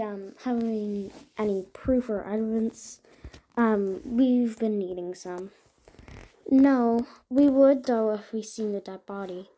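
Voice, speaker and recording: Using a warm, slightly high voice, this woman acts out a toy-horse murder mystery. Each character gets its own voice, whether chatty, hushed or accusatory.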